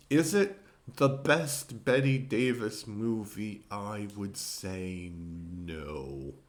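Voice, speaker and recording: A man talks through his thoughts on a classic film in a loose, conversational way. His voice sits a little on the low side, and he often circles back, restarts sentences and fills pauses as he goes. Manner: rambling, thinks aloud with fillers and restarts. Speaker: film reviewer. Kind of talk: casual spoken film review.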